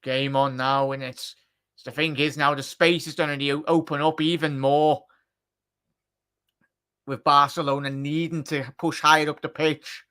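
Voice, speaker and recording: Excitable Scouse man calling a match live. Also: fairly high pitch, normal speed, clean tone. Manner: excitable, shouts at big chances; chatty, jokey asides. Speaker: watchalong commentator.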